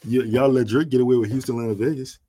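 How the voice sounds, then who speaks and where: A man co-hosting a casual podcast, laid-back and halting, often restarting his sentences as he thinks. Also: mid-range voice, steady tone, warm tone. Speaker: podcast co-host. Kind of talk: casual sports and culture chat.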